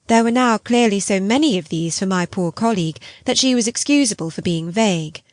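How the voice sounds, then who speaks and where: A woman narrating a gothic novel audiobook with an expressive, measured reading. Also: mid-range voice, dry recording, clean studio sound.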